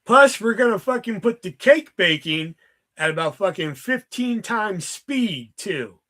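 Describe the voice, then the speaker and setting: A man's voice: high-pitched, expressive, a little slow, sharp tone. A man streaming live, rambling in a casual, exasperated rant full of swearing. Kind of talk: casual profane livestream rant.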